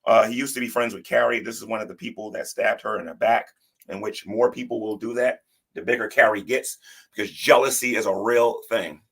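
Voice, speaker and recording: Gravelly low man on a livestream. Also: steady tone, a little fast, a bit bright. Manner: defensive, repeats words and restarts often. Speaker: livestream commentary host. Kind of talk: casual commentary on a livestream.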